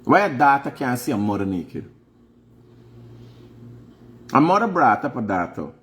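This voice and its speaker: Middle-aged Guyanese host, mid-range voice, preachy monologue with emphatic questions. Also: male voice, mid-range voice, very animated, a little slow. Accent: Guyanese Creole English. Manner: emphatic, lecturing, swings up into loud rhetorical questions. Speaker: online show host. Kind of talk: preachy casual livestream monologue.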